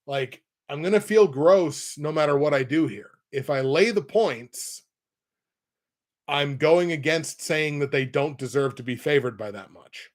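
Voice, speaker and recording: A man's voice: fairly high pitch, unhurried. A young man hosting a football picks show in a casual, rambling way, with wry asides and self-corrections. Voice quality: nasal when pinching nose. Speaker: sports picks show host. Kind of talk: casual football betting talk.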